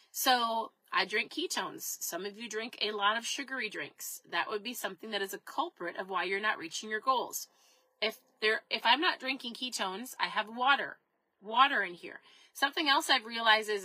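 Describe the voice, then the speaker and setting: A woman in her thirties talks straight to camera in a bright, slightly raised voice, upbeat and chatty. She keeps asking her viewers questions. The sound is dry and close, with no room around it. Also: a little high, no echo, rough recording. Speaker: keto lifestyle vlogger. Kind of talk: casual direct-to-camera talk.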